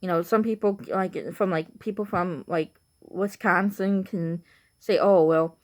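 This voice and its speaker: With a mid-range voice, fairly even intonation and a slightly slow pace, a young vlogger from Chicago, Illinois, speaks in her Chicago accent. Tired after just waking up, she chats to camera in a casual, rambling way, leaning on fillers like "like" and "you know."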